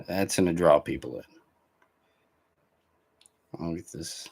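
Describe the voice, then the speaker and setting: Low husky-voiced man rambling. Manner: halting, full of fillers and restarts. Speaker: vlog host reacting to clips. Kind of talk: rambling casual commentary.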